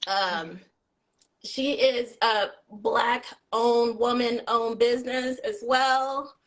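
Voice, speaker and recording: A woman's voice: a little high, fairly even intonation, drawn-out words. A woman working as a sign language interpreter, a guest chatting casually and upbeat on a live stream.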